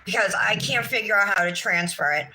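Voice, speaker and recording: Woman, nail livestream host, bright and sharp tone, frazzled and venting to chat. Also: mid-range voice, a little fast, low-quality recording. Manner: exasperated, talks to herself and the chat. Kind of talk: casual livestream chat to viewers.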